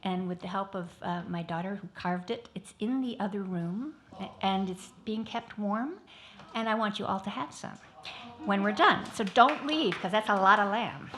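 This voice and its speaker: A woman's voice: mid-range voice, normal speed, fairly bright tone. A woman hosting a live tribute evening, telling a rambling anecdote with many fillers. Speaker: event organizer and host. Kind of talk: casual anecdote at a live event. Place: small performance venue.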